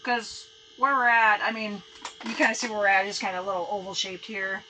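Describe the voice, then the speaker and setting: A woman's voice: medium pitch, flat delivery, fairly quick, bright, forceful tone, a little hiss or hum, poor audio. A woman chatting casually and laughing easily while ice fishing outdoors on a frozen lake. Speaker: angler on an ice fishing trip.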